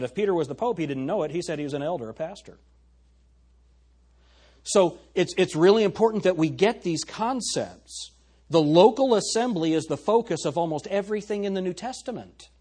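A man's voice: a little high, a little mellow, breathy edge. A man preaching a sermon as pastor. He teaches verse by verse, reads scripture aloud in a raised voice and asks the congregation whether they agree. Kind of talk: expository sermon.

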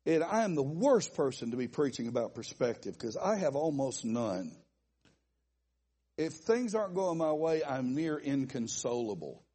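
Folksy, animated Southern preacher man. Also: medium pitch, normal speed, husky. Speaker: pastor. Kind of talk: sermon. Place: church conference hall.

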